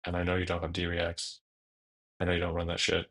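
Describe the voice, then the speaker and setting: A young man streams a card game, thinking out loud in loose, jokey commentary, muttering to himself and swearing now and then. His voice is low and a bit bright, delivered briskly and completely flat.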